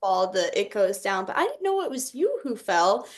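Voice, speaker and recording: A woman's voice: medium pitch, moderate pace. A young woman hosting a podcast in casual chat, animatedly acting out quotes and using "like" a lot. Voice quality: expressive, acts out quotes, frequent "like". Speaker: podcast host, former cheerleader.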